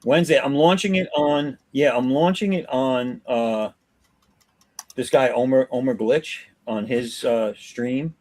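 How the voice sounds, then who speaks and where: A man hosting a relaxed live drawing stream, joking and rambling in casual chat with a friend. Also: mid-range voice, measured pace. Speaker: comic artist streamer.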